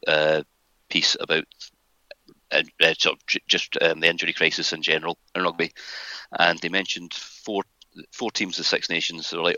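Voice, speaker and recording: Man, very low voice but bright and forceful, sarcastic sweary rant, dry muffled sound. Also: moderate pace, dry recording. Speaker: podcast guest. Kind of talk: casual chat.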